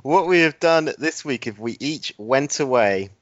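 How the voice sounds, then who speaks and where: A man's voice: medium pitch, lively intonation, unhurried, dry recording, muffled recording. A young man co-hosting a podcast, joking and teasing his partner. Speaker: podcast co-host. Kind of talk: casual podcast chat.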